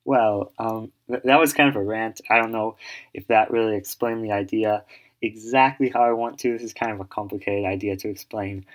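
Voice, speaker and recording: A man's voice: on the low side, fairly even intonation, normal speed. A man explaining an idea in casual, rambling talk, full of fillers and restarts as he thinks aloud. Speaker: solo speaker giving advice.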